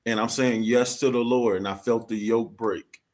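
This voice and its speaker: Speaking at a medium pitch with a steady, darkish tone and moderate pace, a male podcast guest offers candid testimony. His delivery is earnest and confessional, with slangy phrasing.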